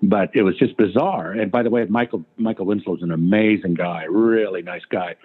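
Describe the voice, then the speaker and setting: A man's voice: low voice, normal speed, breathy edge. A man, a stand-up comedian, telling profane anecdotes in casual chat as a guest. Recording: tinny phone-line sound.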